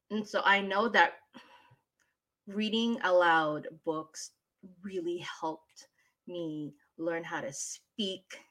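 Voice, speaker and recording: A woman from the Philippines talks about her teaching and voice work in a bright, forceful voice. She tells her stories expressively, like a practiced read-aloud teacher, speaking casually as an interview guest. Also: low-pitched. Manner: animated storyteller, expressive. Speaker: guest, voice talent, former teacher.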